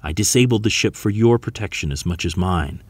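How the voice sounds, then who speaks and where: A man voicing a calm, regal woman who speaks solemnly and slowly. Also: lowish voice, no room sound, natural voice. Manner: solemn, measured. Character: calm, regal woman, not fully human.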